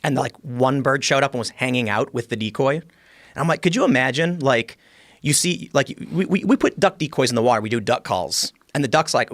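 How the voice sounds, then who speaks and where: A man's voice: medium pitch, expressive, a little fast, fairly bright tone, no room sound. A man chatting casually on a podcast in a studio, rambling and joking. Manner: rambling, jokey. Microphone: studio microphone.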